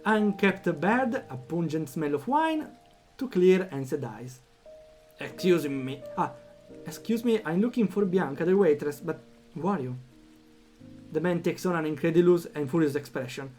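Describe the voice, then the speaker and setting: A streamer with a higher male voice reads a text-based story game aloud and comments on it at normal speed, faint music playing behind him. He's animated, reacts out loud, and thinks aloud with plenty of fillers.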